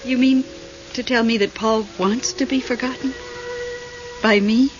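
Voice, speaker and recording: An actress playing a lonely, nervy widow in an old radio drama, talking in a fretful, breathless way. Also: female voice, a little high, fairly even intonation, a little slow, over music, close to an everyday voice. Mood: pleading. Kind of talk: 1970s radio drama acting. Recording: muffled old radio broadcast, faint hiss.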